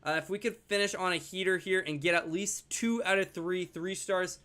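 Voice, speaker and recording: A man's voice: high-pitched, fairly even intonation, a little fast, hardly any pauses. A young man casually commenting on his own gameplay as a video host, chatty and joking. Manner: chatty, jokey, talks to his dog in a soft baby voice. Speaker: gaming YouTuber.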